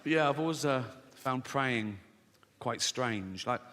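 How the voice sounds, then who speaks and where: A man's voice: medium pitch, expressive, slow, fairly bright tone. A middle-aged English man doing stand-up comedy, sardonic and swearing freely, putting on other people's voices as he tells his stories. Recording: faint background noise, live audience laughs.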